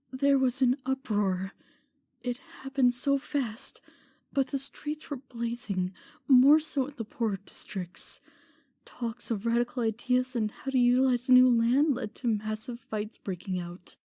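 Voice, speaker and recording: A young mother mare, desperate and pleading, her words often falling to a hush, as a woman acts her out. Her voice is high, and it sounds dry and close, in an audio drama. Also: moderate pace, dry recording, close to an everyday voice. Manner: urgent, pleading, often hushed. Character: distraught young mother mare, pegasus brigade leader. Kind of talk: fan audio drama acting.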